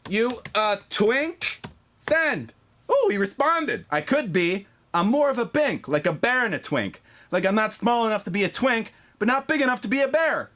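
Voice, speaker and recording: Guy doing a crude boastful young woman, high and bright, shrill and mocking, faint music behind. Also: very animated, moderate pace. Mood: giddy. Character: brash crude young woman hunting boyfriends online. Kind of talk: comedy sketch character.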